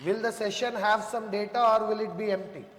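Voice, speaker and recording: Brief: high-pitched man teaching coding live, keeps checking if students follow, reverberant classroom sound. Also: steady tone, fairly quick, fairly bright tone. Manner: talks students through code step by step, asking checking questions; addresses students as "sir" and "boss". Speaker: programming instructor. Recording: echoey room with long reverb.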